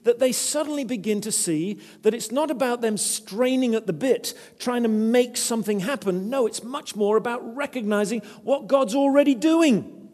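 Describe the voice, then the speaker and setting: A man's voice: very high voice, moderate pace, darkish tone, in a large hall. A man preaching a sermon, earnest and conversational, telling personal stories. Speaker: preacher, former vicar.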